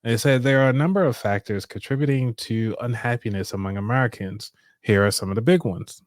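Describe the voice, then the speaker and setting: A man's voice: medium pitch, fairly quick, no room sound, studio quality. Upbeat chatty man hosting a stream. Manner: upbeat, chatty, laughs often. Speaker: show host. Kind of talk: casual live-stream talk.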